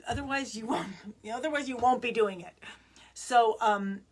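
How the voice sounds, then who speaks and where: Husky-voiced woman telling stories. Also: on the high side, normal speed, darkish tone. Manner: chatty, lots of fillers and restarts. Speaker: musician. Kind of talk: casual storytelling to camera.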